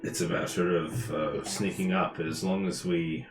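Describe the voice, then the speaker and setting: A man running a tabletop game as game master, relaxed, laughing often and restarting his sentences. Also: deep voice, unhurried. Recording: echoey room with background music.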